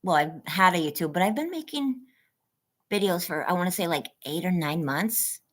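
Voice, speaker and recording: A woman's voice: lowish voice, lively intonation, moderate pace, fairly bright tone. A woman hosting a casual livestream, greeting viewers by name and cooing at her dogs in a bubbly way. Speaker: livestream host.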